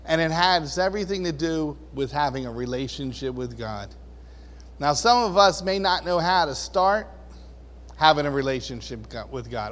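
A man's voice: on the high side, animated, normal speed, fairly bright tone. A man preaching a casual, conversational sermon, chuckling often and acting out the voices he quotes. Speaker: pastor. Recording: long reverb of a large hall.

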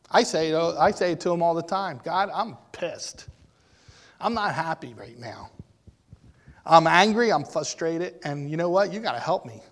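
High-voiced man preaching in a reverberant hall. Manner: emphatic, rising and falling, asks the congregation questions. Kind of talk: sermon.

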